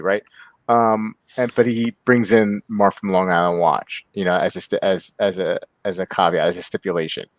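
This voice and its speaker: Host, male, lowish voice, dry sound, chatty questioner. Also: fairly even intonation, dry recording. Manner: chatty, quick restarts and questions. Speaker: podcast host. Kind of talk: casual group chat.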